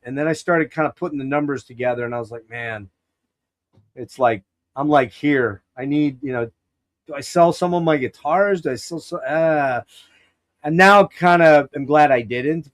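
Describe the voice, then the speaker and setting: A man from Pennsylvania hosting a podcast, telling a long rambling story full of restarts and quoted asides in a casual chat. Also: medium pitch. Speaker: podcast host.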